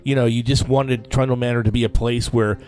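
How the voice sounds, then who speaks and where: A man chatting casually as a podcast co-host, halting and hesitant with many fillers. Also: medium pitch, steady tone, darkish tone. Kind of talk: casual chat.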